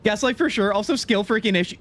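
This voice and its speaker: A young man streaming gameplay live, excitable and teasing as he banters with his chat. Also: high voice, quick pace, faint music behind.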